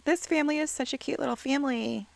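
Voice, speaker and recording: A woman giving excitable game commentary, reacting with quick exclamations and playfully scolding the characters on screen. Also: high-pitched, gravelly, dry recording. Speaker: let's play gamer.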